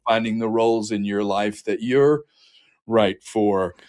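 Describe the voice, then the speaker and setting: An older man, a casting director, hosting a podcast interview, speaking in a measured and reflective way with some hesitations. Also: on the low side, steady tone, a little mellow. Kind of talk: conversational interview.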